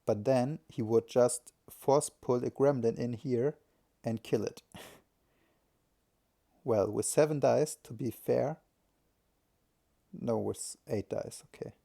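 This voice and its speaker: Slow, gravelly male game commentator. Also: mid-range voice, dark tone. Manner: thinking aloud, hesitant, correcting himself. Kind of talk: live solo commentary.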